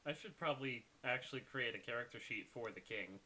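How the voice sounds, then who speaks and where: A man's voice: medium pitch, fairly quick, bright, forceful tone. A man running a tabletop game, chatting casually with his players over a voice call. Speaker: game master.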